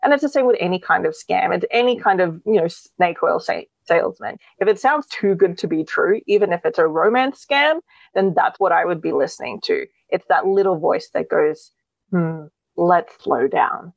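Aussie woman guest explaining stuff, bit low voice, restarts a lot, dry sound. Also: animated, normal speed, creaky, no room sound, poor audio. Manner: earnest, explanatory, with frequent restarts. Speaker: guest expert on scams. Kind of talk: conversational interview answers.

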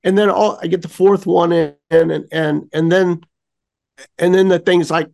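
A man co-hosting a casual chat, telling a story in an animated way, acting out scenes with sound effects and many restarts. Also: fairly high pitch, unhurried, gravelly.

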